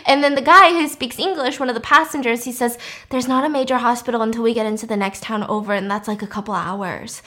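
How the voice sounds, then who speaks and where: A young woman casually retelling a movie plot, acting out each character's lines with lively swings and swearing. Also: on the high side, fast talker. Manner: animated, acts out characters' lines, laughs and swears.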